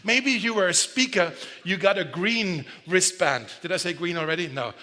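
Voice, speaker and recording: A pastor with a high, pushed and bright voice preaches at a moderate pace in a large church hall, and long reverb hangs on the sound. His sermon is casual and full of jokes, and he often corrects himself mid-sentence.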